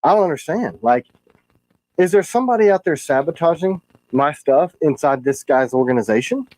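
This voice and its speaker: A man who makes knives, hosting a casual livestream and talking in a frustrated, animated way with quick asides. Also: on the high side, dry recording, low-quality recording. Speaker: knife maker hosting a livestream.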